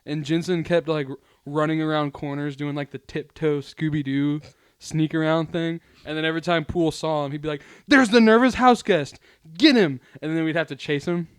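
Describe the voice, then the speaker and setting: A young man chats on a podcast, his voice smooth and resonant and a little higher than most. He tells stories casually, laughing often. The sound is dry and close. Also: little pitch movement, brisk, dry recording. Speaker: podcast co-host. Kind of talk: casual chat.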